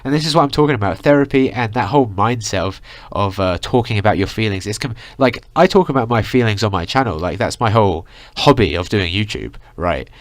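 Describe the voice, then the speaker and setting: A man's voice: on the low side, lively intonation, fairly quick, no echo. A young man in a heated, profane vlog rant, full of "like" and "you know". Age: young adult. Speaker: vlogger. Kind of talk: ranting vlog monologue.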